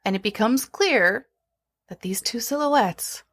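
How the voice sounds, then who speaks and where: A woman co-hosts a podcast in a loose, chatty way. She is wry and sarcastic and laughs often. Her voice sits a little high. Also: expressive, slow, fairly bright tone. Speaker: podcast co-host. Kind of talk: casual chat.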